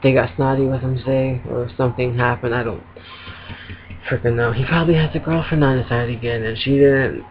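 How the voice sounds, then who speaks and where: A man's voice: mid-range voice, fairly even intonation, fairly quick, a little hiss or hum. A man venting casually to camera from home, rambling with lots of ums and little laughs. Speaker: vlogger. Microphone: laptop webcam. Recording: dull lo-fi webcam audio.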